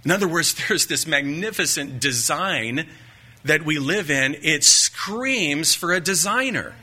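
A man preaching a sermon, teaching with measured emphasis, rhetorical questions and folksy asides. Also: a little high, expressive, pushed and bright, slightly rough. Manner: folksy asides and light joking.

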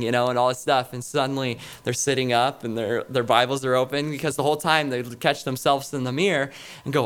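Middle-aged man, pastor, casual sermon, chatty storytelling, mid pitch. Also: brisk, a bit bright. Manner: conversational, anecdotal preaching with frequent fillers.

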